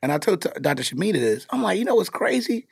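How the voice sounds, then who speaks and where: A man, a comedian and dad hosting a podcast, telling stories in a casual, animated way with plenty of cursing. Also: sits high, quick pace, vocal fry, breathy edge. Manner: animated storytelling, cursing freely. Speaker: podcast host; comedian and father.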